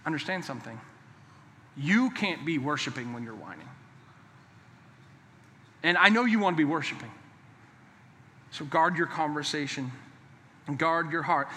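A man's voice: fairly high pitch, animated, brisk, pushed and bright, a little hiss or hum. A male pastor preaching a sermon in a church, emphatic and repetitive, with playful joking asides. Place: church sanctuary. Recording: long reverb of a large hall.

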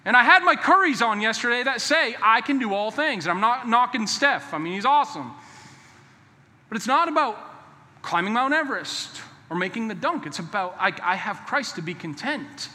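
A man with a high, bright voice preaches a sermon in a church sanctuary. He is emphatic and conversational, and at times his delivery drops to a hushed, earnest tone. Long hall reverb trails each phrase. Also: lively intonation, normal speed. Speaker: pastor.

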